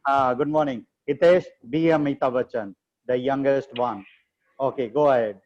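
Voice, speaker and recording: A man, moderating an online webinar in a relaxed, chatty way, often saying "okay, okay.". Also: mid-range voice, normal speed. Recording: dull lo-fi call audio.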